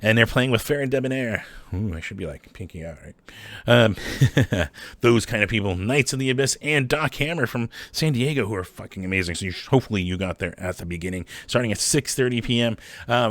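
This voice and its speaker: A man's voice: medium pitch, fairly bright tone, no room sound. A man hosting a casual rundown of local shows, rambling and enthusiastic, swearing and often asking "right?". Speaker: host. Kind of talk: casual show listings.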